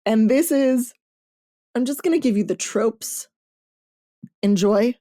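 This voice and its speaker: A woman hosting a podcast, chatting casually about books in an animated way, swearing freely and acting out lines. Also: a little high, slow pace, no room sound, studio quality. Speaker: podcast host reviewing romance books. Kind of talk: casual chat.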